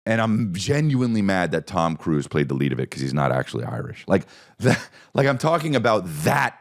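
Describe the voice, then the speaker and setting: A man's voice: deep voice, very animated, a little fast, creaky. A man hosting a podcast, riffing through a profane, rambling comedic monologue with repeated bits. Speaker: podcast host.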